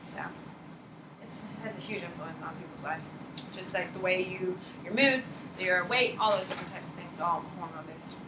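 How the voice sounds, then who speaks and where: A woman teacher giving a casual, animated classroom lecture, blunt and chatty. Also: fairly low pitch, normal speed, background noise. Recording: echoey classroom from far off.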